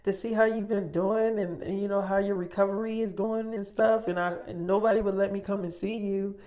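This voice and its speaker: A man's voice: high-pitched, steady tone, a little fast, darkish tone, pitched above the performer's own voice, natural voice. A man putting on a pushy young woman on the phone. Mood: exasperated. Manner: exasperated, swearing, demanding. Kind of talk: improvised audio story role-play.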